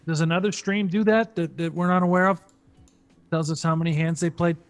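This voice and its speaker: A man's voice: a little high, fairly even intonation, a little fast, faint music behind. A man commentating a live poker stream, chatty and joking, thinking aloud between hands.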